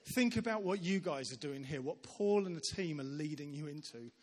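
A man giving a sermon as a visiting preacher, telling stories in an animated way and acting out the voices of the people in them. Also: on the high side, moderate pace, slight background noise. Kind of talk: sermon storytelling. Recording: long reverb of a large church hall.

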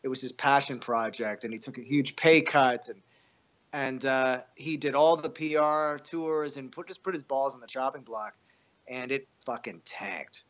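A man's voice: normal speed, a bit bright. A man telling a wild story in casual, profane conversation, acting out the quotes. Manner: profane, acts out quotes with pitch jumps. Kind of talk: animated storytelling.

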